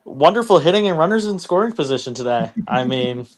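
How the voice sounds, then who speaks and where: A man's voice: on the high side, expressive, brisk. A man co-hosting a casual sports stream, with dry, wry humor. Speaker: co-host.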